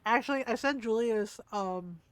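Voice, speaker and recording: A woman's voice: a little high, moderate pace, clear, resonant tone, no echo. Laughing, chatty woman streamer, dry sound. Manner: chatty, laughs often, acts out quotes. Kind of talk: casual chat while gaming.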